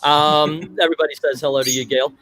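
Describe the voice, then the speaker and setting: Middle-aged male streamer, a touch higher pitched, casual and digressive commentary. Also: fairly even intonation, brisk, a bit bright, no echo. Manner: chatty and digressive, talks aside to family. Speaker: livestream host.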